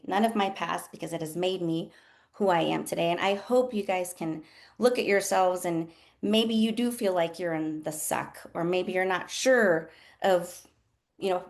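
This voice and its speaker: A woman who works as a nurse coach, hosting a candid motivational talk with a group and swearing freely in an earnest, emotional way. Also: fairly low pitch. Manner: talks to listeners as y'all.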